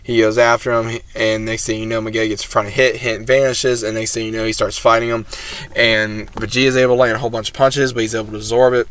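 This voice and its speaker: A man's voice: on the low side, level tone, quick pace, fairly bright tone. A man hosting his own channel, giving a rambling, casual recap of an episode with lots of fillers and "he says" retellings. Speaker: host.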